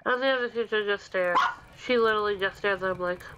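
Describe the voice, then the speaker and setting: Fast-talking and medium-pitched, a young woman tells a ranting story over her gameplay with background noise behind her. As a gaming vlogger she swears freely and acts out people's quotes in casual storytelling.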